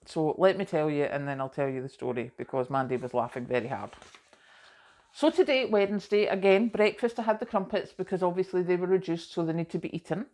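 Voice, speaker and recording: A woman's voice: on the low side, a little mellow. A middle-aged woman vlogging in a chatty, rambling way, self-deprecating and full of asides. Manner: chatty and rambling, self-deprecating, often says "do you know". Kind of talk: casual chat to camera.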